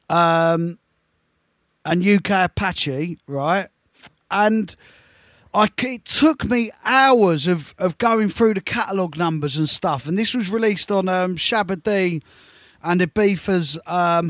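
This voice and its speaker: A man in his fifties hosting a radio show, chatting through shout-outs and stories in a slangy, storytelling way. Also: high voice, no room sound, studio quality. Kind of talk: live radio show chat. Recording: faint music behind.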